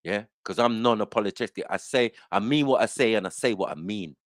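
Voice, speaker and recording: A man's voice: lowish voice, a little fast, dry recording, clean studio sound. A man hosting an online panel, ranting in a boastful, confrontational way and swearing a lot. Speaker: host of an online panel show. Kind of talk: heated casual rant.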